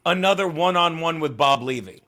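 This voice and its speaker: A man hosting a casual podcast chat, teasing his guest with quick jokes. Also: fairly high pitch, pushed and bright. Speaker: host.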